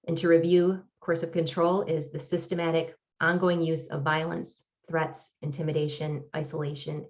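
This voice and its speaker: A woman professor giving an academic lecture with slides, explaining in a measured, deliberate way. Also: sits low, lo-fi sound. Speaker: professor presenting research.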